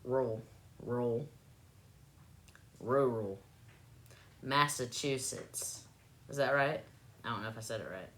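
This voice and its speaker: Low-voiced southern woman chatting on a livestream. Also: normal speed, sharp tone. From South Carolina. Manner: laid-back, playful, repeats words to test her pronunciation. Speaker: livestream host. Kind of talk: casual chat with live chat.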